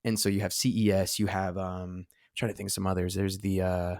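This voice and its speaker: A man's voice: sits low, monotone, fairly quick, darkish tone, no room sound, clean studio sound. A man co-hosting a casual podcast, rambling with lots of filler words and restarts. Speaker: podcast co-host. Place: studio seated across from co-host.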